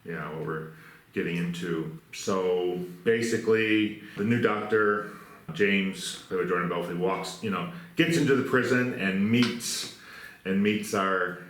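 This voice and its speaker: Low-voiced man in an echoey room. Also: a little slow, a bit bright, a little hiss or hum. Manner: rambling, filler-heavy retelling. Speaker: podcast co-host. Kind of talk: casual film review chat.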